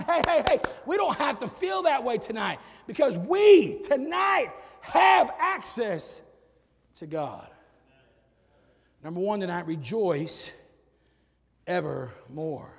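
High-voiced preaching man, shouting then hushed. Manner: swings between loud shouted peaks and low quiet asides. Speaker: pastor. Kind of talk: sermon. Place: church sanctuary with long reverb. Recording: reverberant church hall.

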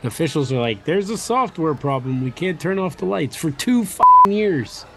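A man co-hosting a comedy podcast in casual chat, quick to joke and riff on whatever comes up. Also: on the high side, huge pitch swings, pushed and bright. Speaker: podcast co-host.

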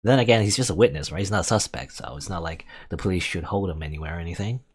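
A man commenting casually on a game as he plays, musing aloud with fillers and quick asides. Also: deep voice, slight background noise. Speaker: let's play gamer.

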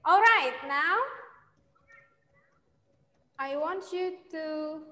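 A young woman teaching an online English lesson to children, speaking slowly and patiently and repeating her questions. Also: sits high, pushed and bright. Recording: echoey room with long reverb.

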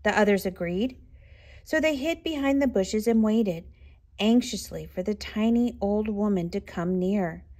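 A woman reading a children's picture book aloud with expressive, unhurried storytelling. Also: mid-range voice. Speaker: storybook reader.

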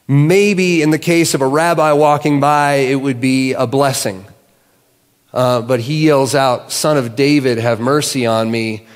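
A man preaching in a church, his voice carrying a long hall reverb. He talks casually and conversationally, retelling a story with easy fillers, at an average pitch for a man. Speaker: guest pastor. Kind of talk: sermon. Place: church sanctuary.

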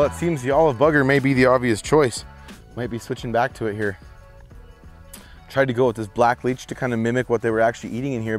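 Excitable man fishing on a lake. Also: mid-range voice. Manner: excitable, whoops and shouts when fish jump. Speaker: fishing vlog host. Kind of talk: outdoor fishing vlog with casting tips. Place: outdoors on a lake, in a boat.

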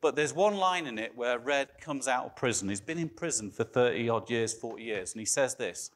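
A man's voice: medium pitch, animated, fairly quick, few pauses. A middle-aged man preaching a sermon in a church hall, talking conversationally and putting questions to the congregation.

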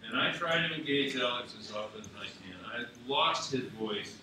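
A man's voice: medium pitch, expressive, normal speed. A man from Scotland telling anecdotes at a memorial, chuckling often as he speaks. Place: university theatre. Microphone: distant mic. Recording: echoey theatre, far mic, audience noise.

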